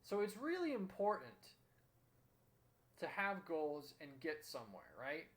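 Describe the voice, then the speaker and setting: A man's voice: on the high side, wildly swooping pitch, a little slow, fairly bright tone. A young man hosting a motivational talk, telling a story in an earnest, emphatic way. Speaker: host.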